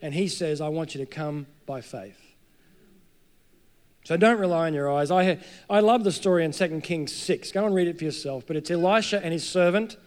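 A man preaching a sermon, earnest, climbing to emphatic peaks and sinking to soft, low passages. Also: normal speed.

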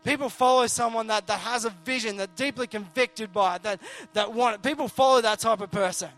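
A man's voice: extremely high pitch, fairly quick, fairly bright tone, faint music behind. A man preaching a conversational sermon, earnest and jokey, often restarting his sentences.

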